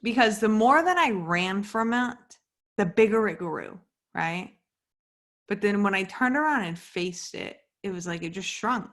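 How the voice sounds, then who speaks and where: A woman's voice: medium pitch, lively intonation, measured pace, fairly bright tone. A young woman hosting a podcast, talking casually and candidly with many "like" fillers and some swearing. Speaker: podcast host. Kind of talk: casual solo podcast monologue. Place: home at night.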